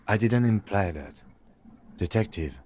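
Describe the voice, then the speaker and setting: A calm reserved police lieutenant. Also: male voice, on the low side, slight background noise. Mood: composed. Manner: measured, precise, reserved. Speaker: detective. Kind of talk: video game voice acting.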